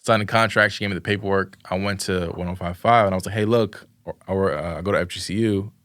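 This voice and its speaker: A young man with a somewhat low voice spins a loose, slangy story full of "like" and acted-out quotes. His sound is close and dry, with almost no room around it. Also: steady tone, quick pace, a bit bright, no room sound. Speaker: podcast guest, videographer. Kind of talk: casual interview chat.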